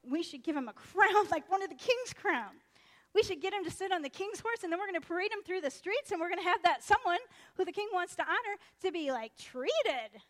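A woman's voice: lively intonation, a little fast, long reverb tail. A woman voicing a boastful, scheming male royal official in a retold story. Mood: eager. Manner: gloating, high and loud.

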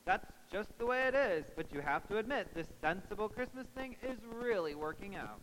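Excitable, bright-voiced male skit host. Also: high voice, brisk, in a large hall, poor audio. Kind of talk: church stage skit.

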